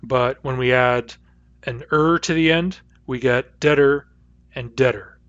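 A man's voice: mid-range voice, unhurried, fairly bright tone, no room sound. A male lecturer with a West Coast North American accent, patiently explaining sounds and saying them aloud as examples. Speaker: linguistics lecturer. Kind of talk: recorded lecture. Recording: dull dry lecture recording.

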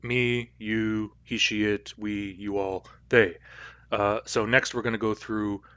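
A man teaching a language lesson to a class, patiently explaining grammar and repeating example phrases slowly. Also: on the low side, flat delivery, bright, forceful tone, no echo, muffled recording.

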